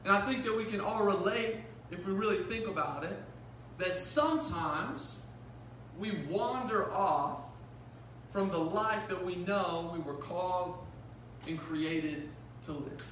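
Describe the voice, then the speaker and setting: A young man giving a sermon as a youth pastor, telling a funny school story in an animated way with lots of "like". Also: high-pitched, measured pace, a little hiss or hum. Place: large hall. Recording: echoey hall, mic at a distance.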